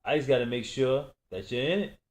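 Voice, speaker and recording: A man's voice: mid-range voice, brisk, natural voice. A man reading a novel aloud, voicing a menacing gang boss who taunts and persuades in a raised voice. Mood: persuading. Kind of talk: audiobook reading.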